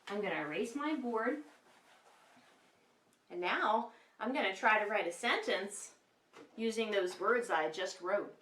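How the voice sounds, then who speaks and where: Woman, kindergarten teacher, animated sing-song voice for little kids, roomy echo, mic a few steps away. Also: mid-range voice, distant mic. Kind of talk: lesson for young children. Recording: echoey room, mic set back.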